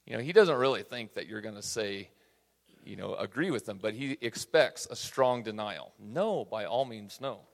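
A man's voice: on the low side, expressive, moderate pace, creaky. A man teaching a Bible study class in a conversational way, often checking in with his listeners. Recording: reverberant hall.

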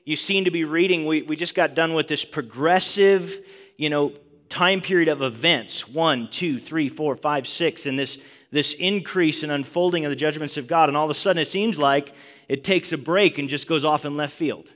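A man teaching a Bible lesson as a sermon, conversational and animated, often checking his listeners follow. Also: fairly high pitch, moderate pace. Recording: long hall reverb.

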